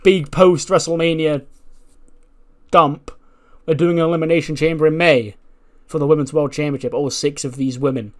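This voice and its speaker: A man's voice: fairly high pitch, steady tone, normal speed. A man talks through a wrestling management game in casual commentary. His delivery is loose and rambling, full of fillers, with plenty of swearing along the way. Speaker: gaming video creator.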